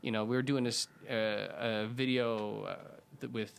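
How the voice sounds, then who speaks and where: A man who is a guest on a comedy podcast, talking casually and calmly explaining how sketches are built, with the mic right at his mouth. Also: lowish voice, a little slow, vocal fry, clean tone. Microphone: close mic, inches from the mouth.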